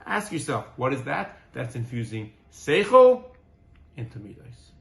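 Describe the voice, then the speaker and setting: A man's voice: medium pitch, sing-song, unhurried, vocal fry, a bit bright. A man giving a Torah class as a rabbi, earnest and full of rhetorical questions, weaving in Hebrew and Yiddish terms. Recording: roomy echo.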